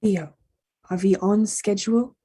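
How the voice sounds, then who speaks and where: A smitten villain who trips over his words, stammering and apologizing for babbling, read by a woman. The voice is slow and breathy, with a husky edge. It is a comedic staged play reading. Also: mid-range voice, fairly even intonation, dark tone. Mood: scheming. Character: flustered villain man smitten with the hero.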